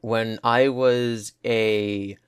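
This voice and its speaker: A hoarse young man in his twenties, co-hosting a podcast and telling stories in a chatty way. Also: lowish voice, fairly even intonation, extremely slow, no echo, clean studio sound. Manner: chatty, tells anecdotes. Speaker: podcast co-host. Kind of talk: casual chat.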